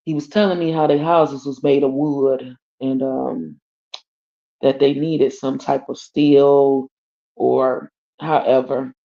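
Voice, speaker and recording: She has a deep bass voice, gravelly and dark, steady in tone and slow in delivery. This Detroit livestream host spins a casual story from home, blunt and profane, slangy, and forever calling out to viewers, over dull lo-fi stream audio.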